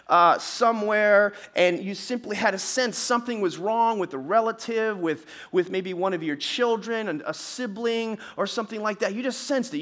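A man with a high-pitched voice delivers a sermon to his congregation. He keeps it conversational and throws questions out to the room. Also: fairly bright tone. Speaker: pastor.

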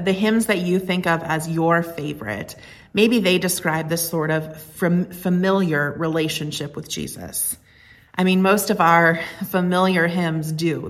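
A woman with a fairly low voice preaches a sermon in an easy, conversational way. She is earnest and reflective, and she eases into personal stories with a light touch of humor. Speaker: pastor.

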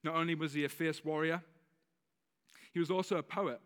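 A fairly high-voiced man preaching a sermon in a relaxed, conversational way, with a slight lisp. His voice rings with the long reverb of a church hall. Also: brisk, smooth. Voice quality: slight lisp on some words. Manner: conversational, with self-corrections and laughs. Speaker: pastor.

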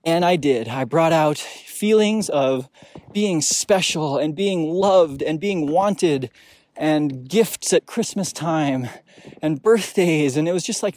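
Man, young adult, podcast host, personal storytelling, reflective, emotional, slightly high pitch. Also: a little mellow. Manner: reflective, emotional, with many restarts. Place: outdoors on a snowy mountain.

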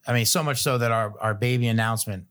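A man's voice: medium pitch, quick pace. Chatty man telling a story, chuckling. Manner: animated storyteller, chuckling between phrases; loose filler-heavy phrasing. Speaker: podcast guest. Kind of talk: casual storytelling chat.

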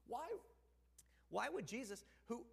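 A man preaching a sermon as a pastor, telling the story with animation, acting out the characters' lines and sometimes dropping to a hushed, near-whispered voice. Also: very high-pitched, expressive, takes it slowly, creaky, husky, long reverb tail. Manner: drops to a hushed, almost whispered voice for effect. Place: church sanctuary.

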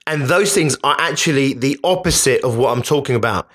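A man's voice: mid-range voice, fairly quick, fairly bright tone, breathy edge. A man hosting a podcast, speaking in an emphatic, conversational motivational monologue that often repeats itself. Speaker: podcast host.

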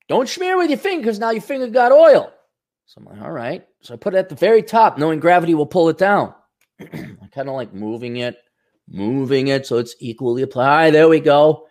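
Male show host, rambling and swearing, lively up-and-down pitch, sarcastic asides. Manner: profane, sarcastic rambling with mock voices. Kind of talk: rambling monologue.

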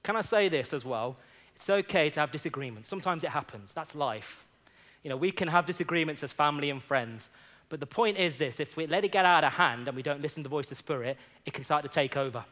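A man's voice: fairly high pitch, animated, fast talker, a bit bright. Earnest man preaching a story-filled sermon. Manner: earnest, conversational, frequent "you know".

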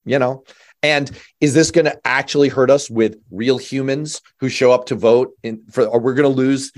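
A man hosting a political talk show, wry and quick to joke. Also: mid-range voice, steady tone. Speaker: host.

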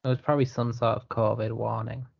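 A man's voice: on the low side, flat delivery, fast, creaky, husky. A man co-hosting a casual podcast, dry and sardonic. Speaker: podcast co-host. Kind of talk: casual chat. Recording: dull lo-fi podcast audio.

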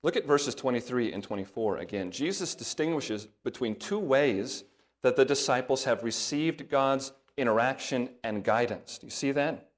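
A man preaching from the pulpit, working steadily through a passage of scripture. He reads the verses with lifted emphasis and drops to a softer, lower voice for brief asides. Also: animated, normal speed. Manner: breaks into soft asides in a lower voice. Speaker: pastor. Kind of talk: sermon.

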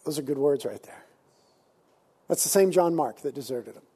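A male pastor with a high-pitched voice and a husky, breathy edge, preaching in a lively, casual manner. His tone is mellow and dark rather than bright. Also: normal speed. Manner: animated, conversational preaching with casual slang. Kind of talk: sermon.

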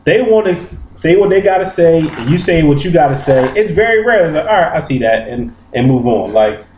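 A man's voice: on the high side, expressive, a little fast, darkish tone. Blunt, wry man in echoey room. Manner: blunt, wry, matter-of-fact. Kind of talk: casual chat. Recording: echoey room with faint noise.

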